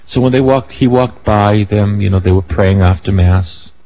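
An older man preaching a sermon, emphatic and rising to loud peaks, with casual asides and self-corrections. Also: on the low side, moderate pace, lo-fi sound.

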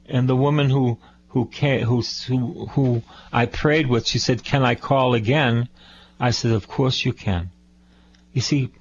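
A priest delivers a radio sermon at a slow, deliberate pace. He often repeats phrases to drive them home. The recording is muffled and lo-fi. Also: medium pitch, a little hiss or hum. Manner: unhurried, repeats phrases for emphasis.

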